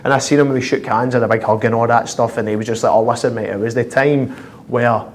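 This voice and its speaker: A man with a Scottish accent, a footballer guest telling prank-call stories with lively laughter and constant "I says". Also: mid-range voice, fast, slight background noise. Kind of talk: anecdotal storytelling.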